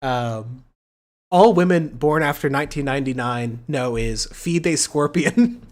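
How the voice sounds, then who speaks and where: A man's voice: medium pitch, a little slow. A man hosting a casual political livestream, rambling and sarcastic, with a profane, joking way of talking. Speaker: livestream host.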